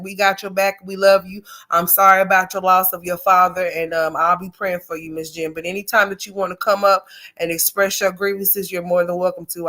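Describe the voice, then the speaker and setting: A woman's voice: mid-range voice, sharp tone. A woman hosting a casual livestream, talking in a folksy way and calling people honey and sweetheart. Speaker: livestream host. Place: home, camera off.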